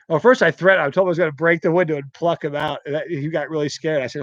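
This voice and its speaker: A man hosting a live stream, telling a story in a lively, laughing, casual way. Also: fairly high pitch, no room sound, highs cut off. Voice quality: animated, quick to laugh. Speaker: host.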